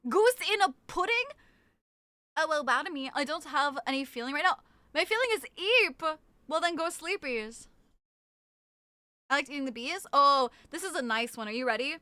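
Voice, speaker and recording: A woman's voice: sits high, lively intonation, normal speed, sharp tone, no echo. A woman streamer chatting casually with her viewers, playful and teasing as she reads their messages aloud.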